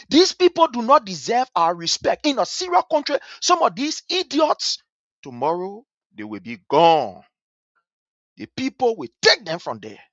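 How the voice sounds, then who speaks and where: Heard through dull lo-fi stream audio with no room sound, a Liberian man with a very high-pitched, slightly bright voice delivers fiery political commentary. He is scornful and emphatic, driving his points in through repetition.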